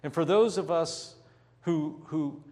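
Male pastor with a slightly high voice, preaching a sermon as a vivid storyteller who leans on slow, drawn-out emphasis. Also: a little mellow, big-room sound.

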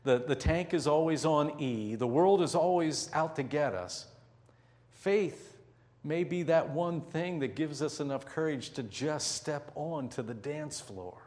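A man preaching a sermon as pastor, telling a story vividly and slowing down to stress key points. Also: a little high, expressive, a little mellow, in a large hall. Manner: vivid storytelling with slow, drawn-out emphasis.

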